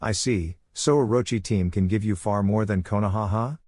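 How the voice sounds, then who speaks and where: A man's voice: on the low side, normal speed, a little mellow, dry recording, studio quality, natural voice. A man voicing a cocky, mocking teenage ninja boy in a fan-fiction audiobook. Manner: teasing, sing-song mockery.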